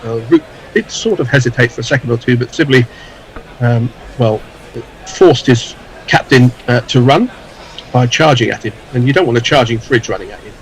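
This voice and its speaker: A man's voice: mid-range voice, normal speed, a little hiss or hum, rough recording. A man calling live cricket ball by ball, with dry, wry asides between deliveries.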